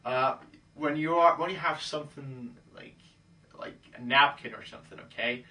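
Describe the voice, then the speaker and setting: Man, dating coach, breezy casual talk, bright tense tone, a little off-mic. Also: medium pitch, moderate pace, distant mic. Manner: breezy, acts out pickup lines in quoted voices, says "okay?" a lot.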